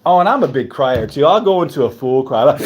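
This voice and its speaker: A man's voice: medium pitch, a little hiss or hum. A man hosting a live stream, chatting casually with viewers in a playful, teasing, rambling way.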